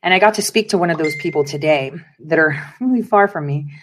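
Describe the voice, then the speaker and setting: A woman's voice: low voice, a little fast, slight background noise. A woman hosting an online commentary show, speaking in an emphatic, preachy way and repeating phrases for effect. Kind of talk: casual political commentary.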